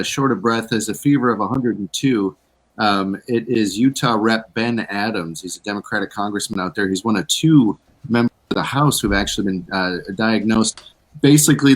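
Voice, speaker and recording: A man co-hosting an online town hall, passing along news items in a relaxed, chatty way with fillers over a video call. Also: on the low side. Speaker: co-host. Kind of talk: casual news rundown.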